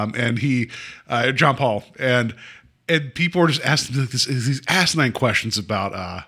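This man's medium-pitched voice sounds pushed and bright as he co-hosts a podcast. The talk is a casual recap of a TV episode, full of frequent laughter and fillers.

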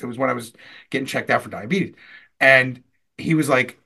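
A man's voice: mid-range voice, normal speed, gravelly, pauses often, sharp tone, slightly rough. A man hosting a podcast, telling rambling, profane stories about an old job and laughing often. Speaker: podcast host. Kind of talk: casual storytelling chat.

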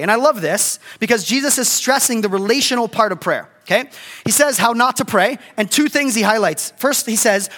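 A middle-aged male pastor delivers a casual, conversational sermon in a very high, bright, forceful voice that carries a big-room sound. He keeps checking in with his listeners by asking "right?"

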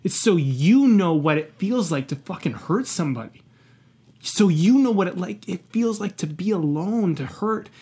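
Husky, passionate man swearing freely. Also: high-pitched, animated, moderate pace, a little mellow. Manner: passionate, emphatic, heavy swearing; earnest and self-reflective. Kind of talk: candid podcast conversation.

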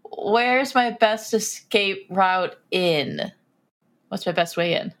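A woman playing a tabletop game, animated and full of fillers as she describes her moves. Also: medium pitch, takes it slowly. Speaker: player.

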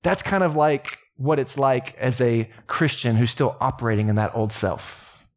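A young adult man with a Texan accent, preaching a sermon as pastor in a relaxed, joking, conversational way. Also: medium pitch, moderate pace. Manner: casual, joking, conversational preaching with laughs and asides. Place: church sanctuary.

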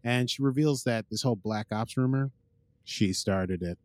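In a studio-quality recording with no room sound, a man with a mid-range voice hosts a podcast at a moderate pace. His recap of the episode is casual and rambling, padded with "uh" and "like," and he quotes characters throughout.

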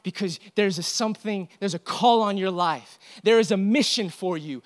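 A young man preaching a sermon, swinging between loud urgent exhortation and quiet storytelling. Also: high voice, moderate pace, hardly any pauses. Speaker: pastor.

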